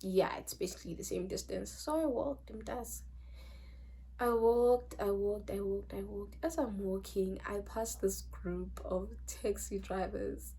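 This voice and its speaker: A young South African woman tells a story to her channel in an animated, chatty way. Her voice sits at a middle pitch, jumps up loud for emphasis and drops to near-whispers as she trails off. She drops local phrases into her talk with ease. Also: unhurried, breathy edge. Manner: animated, mixes in Zulu phrases, loud bursts then trails off quietly. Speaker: vlogger. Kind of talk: casual storytime.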